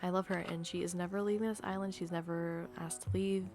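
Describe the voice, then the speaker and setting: A tired young woman chatting casually in a vlog, ranting in a dramatic, exaggerated way with low energy. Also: little pitch movement, brisk, darkish tone. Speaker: video creator. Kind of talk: casual gaming vlog chat.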